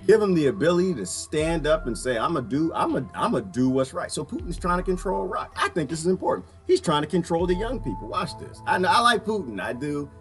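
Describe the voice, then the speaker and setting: A man from Washington, D.C. giving an animated, ranting commentary, laughing often as he reacts to clips. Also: sits high, fairly quick, few pauses, faint music behind. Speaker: political commentary vlogger.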